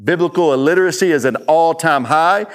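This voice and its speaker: A man's voice: a little high, brisk. A middle-aged man giving a conference talk, telling stories and repeating key lines for emphasis. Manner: storytelling, emphatic repetition. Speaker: speaker. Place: conference room.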